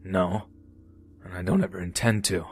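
A man voicing a gruff, weathered male drifter in a horror story, with a gravelly, contemptuous voice. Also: medium pitch, unhurried, soft background music, voice pushed up. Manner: contemptuous, threatening.

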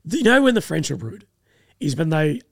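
Aussie guy, young, kinda high and gravelly, rambly and sarcastic, dead dry mic. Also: big pitch swings, normal speed, no echo. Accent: Australian. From Australia. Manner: rambling, hesitant, sardonic. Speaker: co-host. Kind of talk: casual chat.

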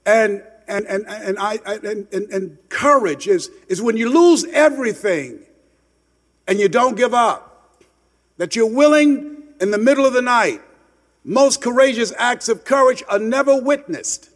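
A man telling a motivational story with passion, swinging between loud emphatic lines and hushed ones. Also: high voice, lively intonation, measured pace, long pauses, long reverb tail. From United States. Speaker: motivational speaker.

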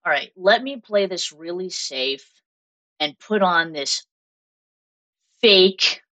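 Guest spot: young woman, Massachusetts accent, low voice, lively storyteller who laughs easily. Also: slow, low-quality recording. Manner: animated storytelling, laughs often. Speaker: guest makeup artist. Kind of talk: casual interview chat.

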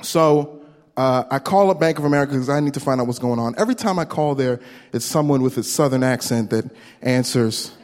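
A man doing a stand-up comedy set, telling a story with quick voice impressions into a handheld stage mic at a live venue. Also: mid-range voice, a little mellow. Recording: long hall reverb, faint room noise.

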